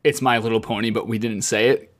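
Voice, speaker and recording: A man's voice: fairly low pitch, level tone, a little fast. A man co-hosting a casual podcast chat, ranting with emphatic repetition. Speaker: podcast co-host.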